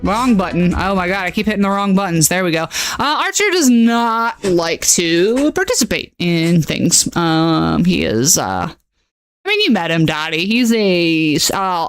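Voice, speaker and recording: A woman's voice: fairly low pitch, no room sound. A woman chatting casually on her livestream at home, laughing often and talking in a bubbly way. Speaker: streamer.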